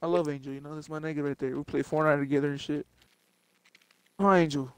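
A man's voice: fairly high pitch, steady tone, quick pace, clean tone, no room sound, low-quality recording. A young man hosting a casual stream with friends, laid-back and laughing, swearing casually.

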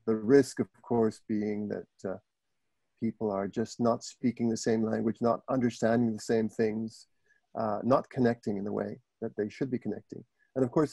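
Gravelly man with a Canadian French accent. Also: medium pitch, warm tone, no room sound. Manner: hesitant, many filler words and throat clearing. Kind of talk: presentation on a video call. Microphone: video call.

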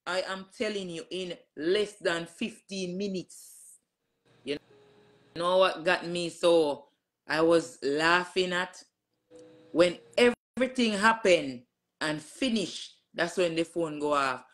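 Slow, emphatic woman telling a story. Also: on the low side. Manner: emphatic storyteller who re-enacts dialogue with many "I said". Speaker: church member giving a testimony to her pastor. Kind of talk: casual spoken testimony.

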